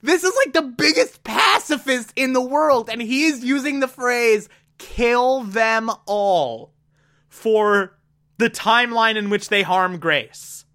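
A TV recapper with a bright, forward voice who gushes over a scene and breaks into excited outbursts. The talk is casual and animated, running from hushed awe to loud enthusiasm. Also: mid-range voice, unhurried. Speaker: TV episode recapper.

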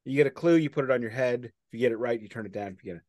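A man's voice: medium pitch, racing, a little mellow, no echo. A man co-hosting a casual album-review podcast, opinionated and prone to digressions. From United States. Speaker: podcast co-host. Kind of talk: casual music review chat.

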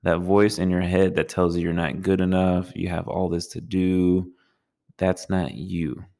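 Slow, gravelly-voiced man teaching meditation. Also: low-pitched, flat delivery, mellow. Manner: slow, measured, soothing delivery. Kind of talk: calm spoken meditation talk.

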